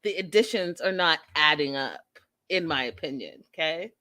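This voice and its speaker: A woman's voice: low-pitched, lively intonation, moderate pace, pushed and bright. A woman hosting a casual reality TV recap, sassy and blunt with an exasperated edge. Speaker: podcast host.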